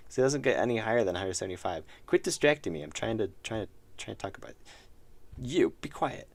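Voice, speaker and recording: A man's voice: on the low side, lively intonation, fast talker, vocal fry, dry recording. A man streaming his indie game work, chatting casually with viewers in a rambling, self-deprecating way while losing his voice. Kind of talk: casual live-stream chat.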